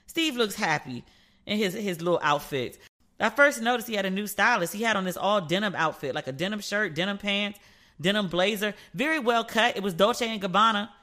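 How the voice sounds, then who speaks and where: A woman's voice: mid-range voice, expressive, a little fast, pushed and bright. A woman hosting a casual solo podcast, telling stories in a playful, chatty way and acting out the voices of the people she quotes. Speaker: podcast host.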